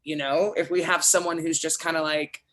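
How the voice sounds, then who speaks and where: A woman with a bright, clear voice thinks aloud in an animated way during a seminar discussion. She fills her talk with casual fillers, and she's on a video call. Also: sits low, moderate pace. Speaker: actor in a play-reading seminar.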